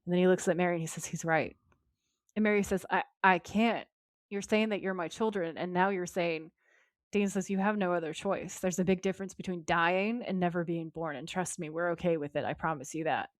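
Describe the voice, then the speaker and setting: Woman podcast co-host, casual recap, low-ish voice, dry close sound, lively retelling. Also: a little fast, no room sound. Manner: lively retelling, quoting characters in her own voice.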